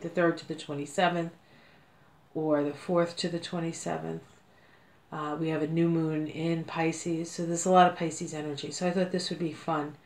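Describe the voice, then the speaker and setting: A woman from the United States giving a casual card reading at home, talking in a chatty, meandering way with many fillers. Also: sits low. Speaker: card reader. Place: home room. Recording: echoey room.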